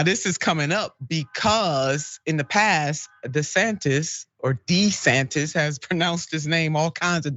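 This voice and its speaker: A woman's voice: low-pitched, a bit bright, no room sound, lo-fi sound. A woman hosting a live-stream talk show, chatty and laughing often as she reads viewer comments. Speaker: host.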